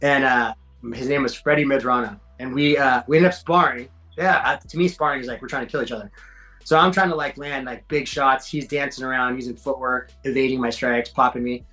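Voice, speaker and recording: A middle-aged man, a podcast guest telling fight stories in a slangy, animated way. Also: medium pitch, a little fast, faint music behind, low-quality recording. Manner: animated, acts out quoted voices, slangy. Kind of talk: casual storytelling.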